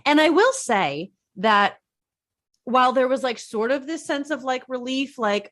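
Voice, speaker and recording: Pregnant woman host chatting, lively up-and-down voice, laughs a lot. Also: mid-range voice, moderate pace. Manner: chatty, laughing, acts out her own past thoughts. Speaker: podcast host. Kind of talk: casual conversation.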